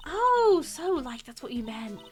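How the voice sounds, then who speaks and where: A woman's voice: high voice, big pitch swings, measured pace, a little mellow, soft background music, voice pushed up. A woman putting on a ditzy bubbly young woman. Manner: breathless, drawls "like" constantly, upspeak. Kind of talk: reading game dialogue aloud on a live stream.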